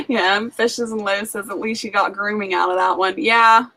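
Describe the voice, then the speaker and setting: A woman livestreams casually from her rural farm home, speaking unhurriedly in a mid-range voice with vocal fry and a slightly bright tone. She's a chatty storyteller, her tales packed with "like" and asides.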